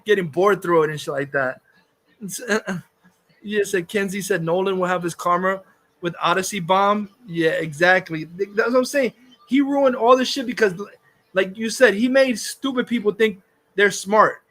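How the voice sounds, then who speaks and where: A man's voice: high voice, normal speed, a bit bright. A man hosting a livestream, ranting casually in a heated, profane, insulting way. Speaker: livestream host.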